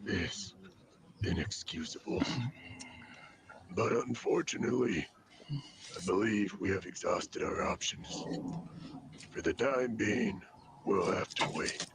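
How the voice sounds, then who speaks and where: A man voicing a grave, commanding leader who speaks in a measured, formal way with dramatic pauses in an animated film. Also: on the low side, gravelly, background noise, exaggerated voice.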